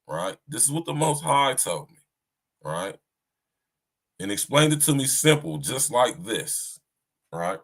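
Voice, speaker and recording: A man's voice: fairly low pitch, lively intonation, moderate pace, a bit bright. A man hosting a podcast and talking casually about faith to his listeners. He often stops to ask "right?", restarts his sentences and repeats himself as he looks for words. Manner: talks to listeners directly, often asks "right?". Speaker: podcast host. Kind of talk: casual spiritual monologue.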